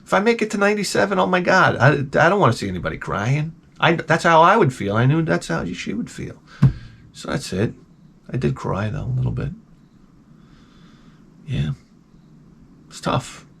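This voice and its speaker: A man's voice: on the high side, very animated, normal speed, gravelly, pauses often, a bit bright, a little hiss or hum. A man in his forties telling stories in a rambling, profane, wry vlog monologue. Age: 40s. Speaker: vlogger. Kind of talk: casual storytelling monologue.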